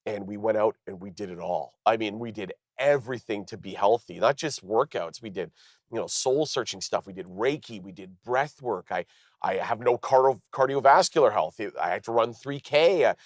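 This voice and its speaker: Male stand-up, 30s, from Canada; animated storyteller who jumps up in pitch for quoted voices, low voice, dry close mic. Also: dry recording. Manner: lively, acts out quoted dialogue in higher voices. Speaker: comedian guest. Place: television studio.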